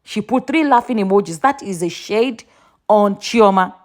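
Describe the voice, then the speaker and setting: A woman's voice: medium pitch, lively intonation, moderate pace. A woman, chatting casually in a gossip vlog and reading posts aloud with a lifted voice. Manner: chatty, reads quotes aloud in a raised voice. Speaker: vlogger reading out social media posts.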